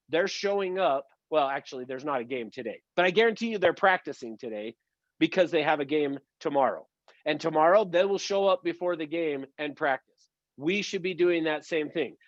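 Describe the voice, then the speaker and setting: An upbeat male sales trainer leads an online session in a high, emphatic voice. His coaching tone pushes listeners to practise and change. The sound is dry and close, with a slightly dull, lo-fi quality. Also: dry recording. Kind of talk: motivational online training talk.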